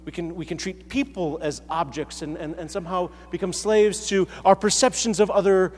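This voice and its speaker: High-voiced American preacher in an echoing hall. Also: male voice, fairly even intonation, moderate pace, a little mellow. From United States. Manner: conversational, self-deprecating, with frequent restarts. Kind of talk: sermon. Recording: echoey hall.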